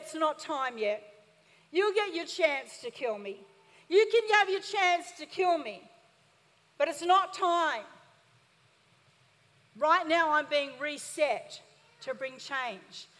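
Woman pastor, very high voice, emphatic call-and-response sermon, long hall reverb. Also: fairly bright tone.

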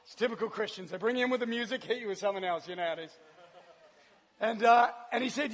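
A man's voice: high voice, fast talker. A man giving a personal testimony to a live audience, acting out scenes and laughing often as he tells the story. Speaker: guest speaker. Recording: long hall reverb.

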